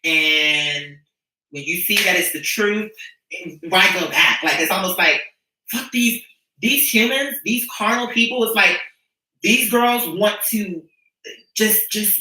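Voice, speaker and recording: A preachy woman livestreamer rants fervently and profanely to her followers in an impassioned monologue. Her mid-range voice has a sharp tone and a measured pace, picked up off-mic from a distance in an echoey room.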